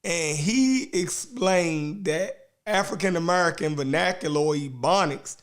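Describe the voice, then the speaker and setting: A man hosting a casual discussion who speaks slowly, with many pauses, "um"s and "right"s. His voice sits a bit high for a man. He picks his words as he goes. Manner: slow, hesitant, lots of um and right.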